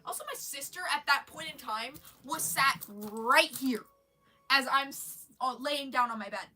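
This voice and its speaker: A woman's voice: high voice, unhurried, sharp tone, recorded from a distance, slight background noise. A woman with a stuffy nose on a casual live stream, rambling about her day and swearing, with lots of restarts, sitting in her bedroom.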